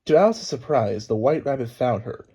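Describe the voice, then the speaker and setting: A man narrating a children's storybook aloud in a lively, expressive reading. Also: medium pitch, normal speed, slight background noise. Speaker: storybook reader.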